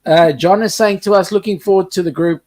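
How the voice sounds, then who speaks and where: A man's voice: high voice, steady tone, fairly quick, darkish tone. A man with a mixed British and New Zealand accent co-hosting a casual live-stream chat, reading out viewer comments and joking around. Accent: British and New Zealand mix. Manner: chatty, reads out viewer comments, jokes around. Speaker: co-host.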